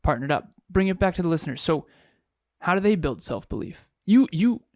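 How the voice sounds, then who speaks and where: A man's voice: high-pitched, expressive, fairly quick, darkish tone, dry recording, studio quality. Man pushing his co-host with questions. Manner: probing, asks pointed follow-up questions. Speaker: podcast co-host. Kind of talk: casual chat, interviewing co-host.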